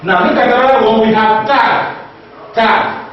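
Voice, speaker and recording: A high-voiced man teaches pronunciation at an unhurried pace, asking a question and answering it himself, then saying each word over and over. He sounds far from the mic in a very echoey room, the recording dull and lightly hissy. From Nigeria. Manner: repetitive, asks questions and answers them himself. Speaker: English teacher. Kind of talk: classroom lesson on pronunciation.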